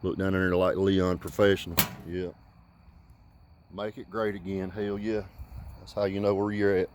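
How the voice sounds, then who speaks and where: A man rants on his vlog in a rambling, profane, folksy way. His voice sits a little low, and he wanders from point to point with fillers. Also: little pitch movement, normal speed, background noise. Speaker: vlogger. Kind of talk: rambling comic rant.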